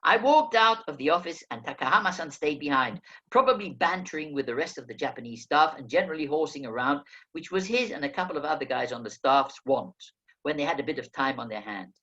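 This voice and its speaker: Man reading a memoir, lively pitch. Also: fast, lo-fi sound. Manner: lively storytelling, acting out quoted speech. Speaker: audiobook narrator. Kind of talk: first-person memoir reading.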